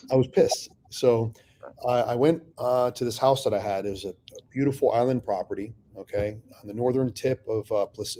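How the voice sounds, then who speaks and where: A middle-aged man spins a long personal story in a relaxed podcast chat. His voice is mellow and warm at an ordinary pitch. He swears often and slips into other people's voices as he quotes their words. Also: a little hiss or hum. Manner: profane, animated storyteller acting out dialogue. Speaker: real estate investor telling his story.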